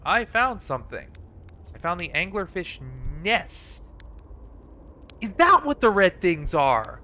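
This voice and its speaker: A man hosting a blind let's play, excitably thinking aloud about his discoveries. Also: sits high, takes it slowly. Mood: excited. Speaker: gaming channel host.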